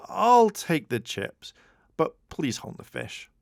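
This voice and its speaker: A man's voice: on the high side, sing-song, takes it slowly, creaky, a little mellow, no echo, clean studio sound, voice pushed up, full character voice. A man voicing a timid, nerdy teenage boy in a storybook reading, with fussy wording.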